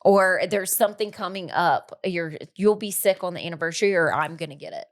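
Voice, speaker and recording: A woman's voice: lowish voice, a little fast. A woman co-hosting a casual podcast, teasing and giggly as she retells what happened. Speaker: podcast co-host. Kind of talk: casual chat.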